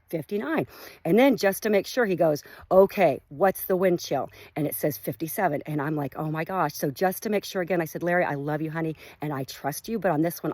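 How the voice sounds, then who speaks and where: A woman's voice: on the low side, darkish tone, no echo. A middle-aged woman chatting in an upbeat, folksy way while vlogging outdoors about running and faith, filmed on a phone at arm's length. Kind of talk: casual devotional vlog. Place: outdoors at sunrise.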